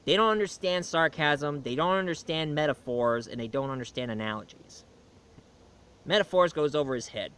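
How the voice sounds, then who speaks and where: A man's voice: on the high side, lively intonation, moderate pace, a bit bright, clear, resonant tone. A man giving a casual film and comic review, rambling along with many fillers and restarts.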